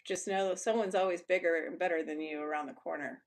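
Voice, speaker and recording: A woman's voice: on the low side, fairly even intonation, fast. A young Texan woman chatting casually with viewers on a live stream, blunt and loose, swearing and laughing often. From Texas. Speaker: YouTuber.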